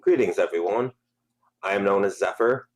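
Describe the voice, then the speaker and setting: A man's voice: on the low side, normal speed, natural voice. A man voicing an earnest newcomer fighter who boasts of kicking, speaking formally in a tabletop game.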